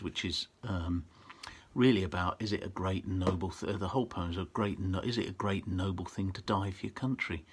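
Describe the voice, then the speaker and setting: A middle-aged man giving pupils a chatty, informal talk on poetry, often restarting sentences and stopping to read verse aloud slowly and forcefully. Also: deep voice, breathy edge. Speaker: poet and author visiting schools.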